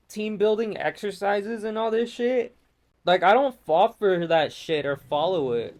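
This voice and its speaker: A man with a fairly high voice rants over gameplay in loose, profane, exasperated bursts. He rambles from one gripe to the next in a casual, unscripted way, like a host talking to his channel. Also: lively intonation, takes it slowly.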